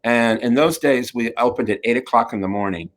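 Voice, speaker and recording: With a mid-range voice and a fairly quick pace, a middle-aged male talk show host shares stories in a casual chat. He comes across as a campy, laughing, lively raconteur.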